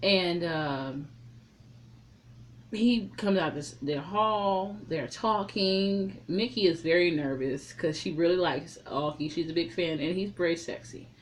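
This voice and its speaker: A woman's voice: lowish voice, takes it slowly, a little hiss or hum. Blunt, profane woman recapping a film. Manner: profane, blunt, animated storytelling. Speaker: reviewer. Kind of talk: casual recap and commentary.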